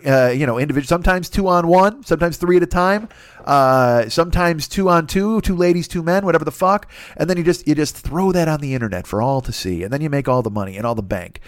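A man hosting a podcast, telling a crude comedic story in a rambling, profane way and often mimicking other people in high voices. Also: quick pace, dry recording, clean studio sound. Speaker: podcast host.

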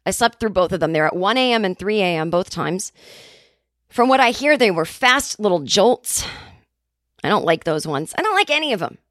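A woman's voice: medium pitch, lively intonation, normal speed, a bit bright, no echo, clean studio sound. A woman hosting a comedy podcast, rambling and self-interrupting through a sarcastic solo monologue. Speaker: podcast host.

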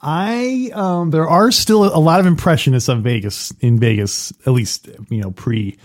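A man's voice: a little high, normal speed. A man co-hosting a podcast, chatting casually and rambling, with many restarts and laughs. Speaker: podcast co-host. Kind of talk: casual chat.

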